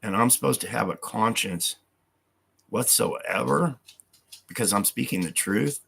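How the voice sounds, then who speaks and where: A man's voice: on the low side, a little slow, vocal fry, fairly bright tone, husky. A man on a live stream who reads hostile comments aloud and answers them in an angry, profane rant, speaking of God with heavy conviction.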